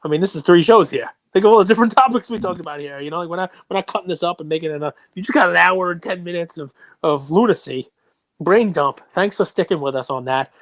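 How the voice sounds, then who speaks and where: A man co-hosting a sports card podcast in casual, animated chat that rambles on in long runs. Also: sits high, fast, no echo. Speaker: podcast co-host.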